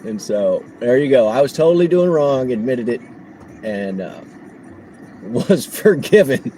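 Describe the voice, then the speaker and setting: A man livestreaming on the road as a delivery driver, telling a story in a casual, animated way and laughing often. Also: mid-range voice, moderate pace, slight background noise, rough recording.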